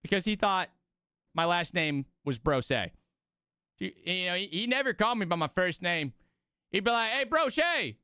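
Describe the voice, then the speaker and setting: Animated, high-voiced male streamer, rambling. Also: normal speed, pauses often, clean tone, no room sound, clean studio sound. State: sleepy, yawning. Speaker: streamer hosting a watch party. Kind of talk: casual live-stream chat.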